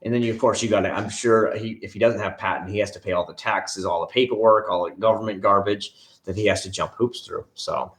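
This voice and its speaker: A man's voice: fairly low pitch, steady tone, brisk, a bit bright, roomy sound. A man hosting a casual live stream, rambling in a chatty way and talking straight to his viewers by name, with many restarts and asides. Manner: talks directly to viewers by name. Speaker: live-stream host answering viewer chat.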